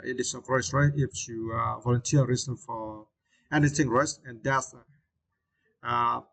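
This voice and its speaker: A man in the middle pitch range gives an English vocabulary lesson, pausing often on fillers and checking in with tag questions. He says each word again and again, slowly, to show where its stress falls. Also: fairly bright tone, poor audio. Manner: repeats words slowly to model stress.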